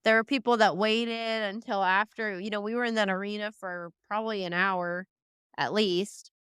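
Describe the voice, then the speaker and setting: A young woman with an exceptionally clear, smooth voice, recorded close and dry with no room sound. She talks at a middle pitch. Her story runs on in long loose chains of "like" and "you know", with the sincere and casual feel of an interview guest. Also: fairly even intonation, normal speed, a bit bright, no room sound. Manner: rambling, emotional play-by-play full of "like" and "you know". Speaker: guest, reining horse trainer.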